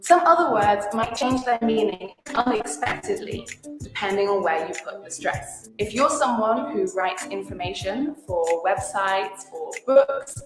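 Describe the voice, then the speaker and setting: A woman narrating a scripted pronunciation lesson in a lively voice that swoops up on stressed words. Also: medium pitch, measured pace. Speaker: pronunciation teacher in a video. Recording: echoey room with music behind.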